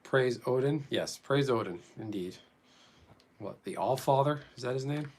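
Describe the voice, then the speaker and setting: A man's voice: mid-range voice, normal speed, darkish tone. A man chatting casually with viewers during a live stream, rambling as he reads and answers them.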